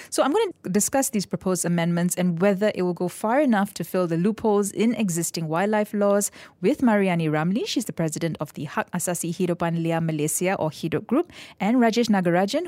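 Brief: woman radio host, low, quick, dry studio sound, steers the talk. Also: a little mellow, dry recording. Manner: brisk, guiding questions. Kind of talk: radio interview hosting.

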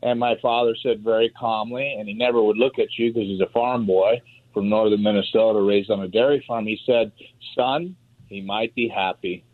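A man's voice: lowish voice, little pitch movement, fairly quick. Male caller, phone line, folksy religious storyteller. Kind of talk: phone-in chat. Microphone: telephone.

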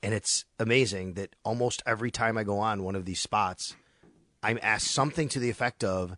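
Sports radio talker, male, crisp bright tone, animated storyteller, close dry mic. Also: lowish voice, fairly quick, no echo. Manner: animated, storytelling with quoted asides. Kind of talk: casual sports radio chat.

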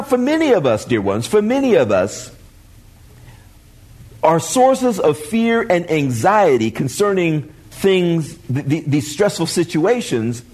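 A man preaching in church with a husky, slightly rough voice pitched fairly high. He swings his pitch widely as he preaches, repeating and restarting words as he builds his points. The sermon carries the feel of a live congregation service. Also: a little mellow. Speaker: pastor.

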